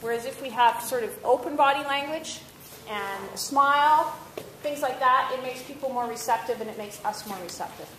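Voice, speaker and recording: Bright-voiced woman teaching a teen class. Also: high-pitched, normal speed. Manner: upbeat, asks the class questions. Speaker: workshop presenter. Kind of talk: interactive talk to teens. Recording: echoey room, faint noise.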